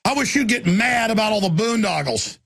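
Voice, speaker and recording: A man hosting a talk radio show rants with a raised pitch and a husky edge. He drops into low, tired muttering, then climbs back up into shouting. The voice is rough and gravelly throughout. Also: animated, a little fast. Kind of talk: impassioned talk radio monologue.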